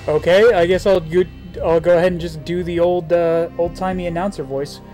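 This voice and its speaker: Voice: mid-range voice, fairly even intonation, brisk, mellow, faint music behind. Sarcastic rambling game streamer. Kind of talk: live gameplay commentary.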